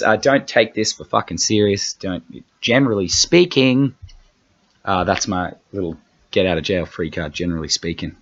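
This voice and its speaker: Australian male comic host, low-pitched, loose profane patter, dull recording. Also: fairly bright tone. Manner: rambling, profane, self-mocking. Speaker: comedian podcast host. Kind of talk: casual comedic chat. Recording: dull lo-fi podcast audio.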